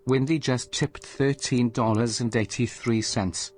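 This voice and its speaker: A man's voice: medium pitch, fairly even intonation, measured pace, a little mellow. Synthetic male donation-reading voice. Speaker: text-to-speech donation reader.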